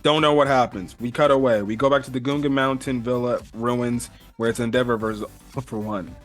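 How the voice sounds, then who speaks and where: A man's voice: mid-range voice, steady tone, a little fast, soft background music. A man casually recapping a comic chapter in a rambling way, full of fillers and the odd swear word. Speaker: manga reviewer.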